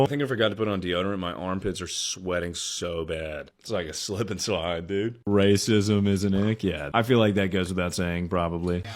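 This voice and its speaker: A young man with a lowish voice, talking to his stream in a dry, deadpan way. He tosses out crude one-liners and answers viewers' questions with flat comebacks. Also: moderate pace, hardly any pauses. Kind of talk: comedic stream chat.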